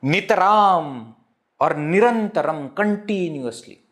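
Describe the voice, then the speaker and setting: Lively Indian man teaching Sanskrit. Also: on the high side, slow. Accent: Indian English. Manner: lilting, repeats words and glosses each term in English. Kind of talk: live online language lesson.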